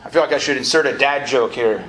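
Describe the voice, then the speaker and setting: A man's voice: mid-range voice, fast, fairly bright tone. A man preaching a live sermon to college students, talking casually, cracking jokes and getting the crowd to answer back. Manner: conversational, joking, prompts audience call-and-response. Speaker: college ministry director and preacher. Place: lecture hall or auditorium at a college. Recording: roomy live hall with faint ambient noise.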